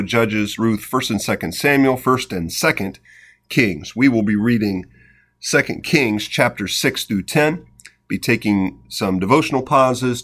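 A man reading scripture aloud in an unhurried, reflective way, pausing for short spontaneous comments and prayer. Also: on the low side, fairly bright tone. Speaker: devotional Bible reader. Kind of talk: scripture reading with devotional asides.

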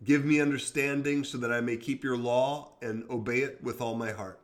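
A man hosting a devotional podcast, reading scripture aloud at a steady pace and adding short plain comments. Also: mid-range voice, normal speed. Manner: reads scripture aloud with brief comments and prayer. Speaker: podcast host.

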